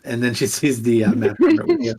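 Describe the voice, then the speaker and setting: A man with a mid-range voice narrates a tabletop game as game master. He improvises the scene as it goes in a loose, unhurried way. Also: medium pitch, huge pitch swings, vocal fry, mellow, slightly rough.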